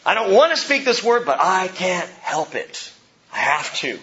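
A male pastor preaching a verse-by-verse sermon with emphasis, his voice rising and falling between soft and loud. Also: sits high, very animated, unhurried, muffled recording.

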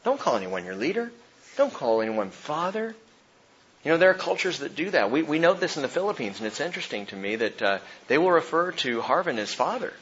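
A man preaching a sermon as pastor, impassioned, jumping from loud outbursts to hushed tones. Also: on the high side, sing-song, fairly quick, lo-fi sound, slight background noise.

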